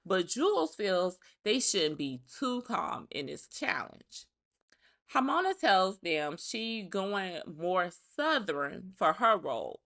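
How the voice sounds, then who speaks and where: A woman's voice: mid-range voice, a bit bright. A woman giving a casual recap of a reality show, talking in a blunt, chatty way, full of profane asides.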